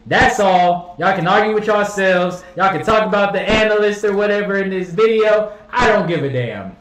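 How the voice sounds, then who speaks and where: A man streaming, reacting to basketball clips with hyped, profane, yelling commentary. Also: high voice, roomy sound, far from the mic, low-quality recording.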